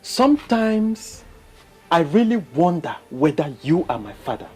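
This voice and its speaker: An actor playing a bitter young man just out of prison, confronting his father in a husky voice. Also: a little high, very animated, unhurried, soft background music, full character voice.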